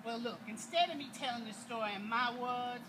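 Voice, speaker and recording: A woman's voice: a little high, fairly quick, close to an everyday voice. A woman playing a folksy, proud freed slave woman who talks straight to her listeners, performing outdoors near a road. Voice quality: folksy dialect, chuckling, addresses listeners directly. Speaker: living history performer. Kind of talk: first-person historical character monologue. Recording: noisy outdoor recording with passing traffic.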